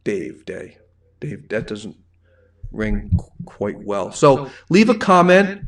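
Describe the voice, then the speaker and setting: A man's voice: fairly high pitch, lively intonation, unhurried, creaky, recorded from a distance. A middle-aged man with a thick Rhode Island accent, hosting a casual live wine show, rambling and reading viewer comments aloud. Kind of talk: casual live-stream chat.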